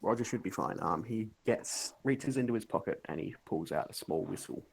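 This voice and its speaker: A man running a tabletop game, his low voice gravelly and full of rise and fall. He narrates in a loose, relaxed way, hedging with "sort of" at every turn. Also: normal speed. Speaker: game master.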